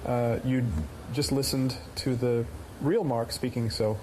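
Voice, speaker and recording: A man's voice: mid-range voice, fairly even intonation, a little slow, darkish tone, a little hiss or hum, voice pushed down, poor audio. A man playing an AI clone of his own voice that sounds more American and over-articulated, smug in tone. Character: AI clone of a Dutch man's own voice.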